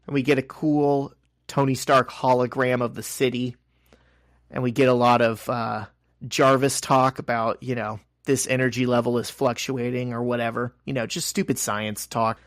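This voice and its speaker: A man's voice: mid-range voice, moderate pace, dry recording. Man, podcast co-host, casual recap, acts out quotes, dry close sound. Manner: animated retelling, acting out quotes. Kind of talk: casual comic recap chat.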